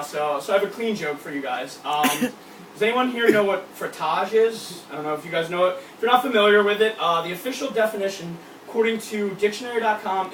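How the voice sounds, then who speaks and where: A young man doing a crude, ranting stand-up routine with mock outrage. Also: high-pitched. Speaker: stand-up comedian. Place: comedy club stage. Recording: echoey club from a distant mic, crowd laughing.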